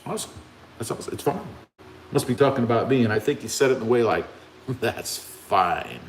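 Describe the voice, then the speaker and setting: A man's voice: medium pitch, fast talker, a little hiss or hum. A man hosting a casual live stream, chatting and reading viewer comments aloud.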